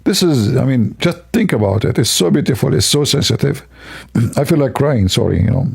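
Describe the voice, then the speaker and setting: A man's voice: medium pitch, expressive, a little fast, gravelly, darkish tone, husky. A man hosting a livestream, talking in a sarcastic, rambling, mock-admiring way. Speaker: livestream host. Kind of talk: mocking livestream commentary.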